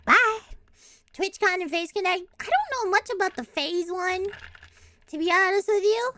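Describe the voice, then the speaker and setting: A woman's voice: very high-pitched, animated, normal speed, pushed and bright. A young adult woman streaming a casual chat, rambling, swearing and breaking into giggles often. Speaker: VTuber streamer.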